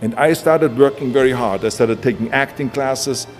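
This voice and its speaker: With a medium-pitched voice and moderate pace, the man speaks in an Austrian accent, giving a motivational talk that's blunt and punchy. Music runs beneath a long hall reverb.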